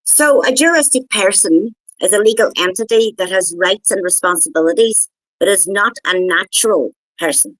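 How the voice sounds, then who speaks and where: A woman on a podcast reading out definitions in a steady, list-like way. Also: mid-range voice, normal speed, dry recording, low-quality recording. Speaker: podcast guest giving definitions.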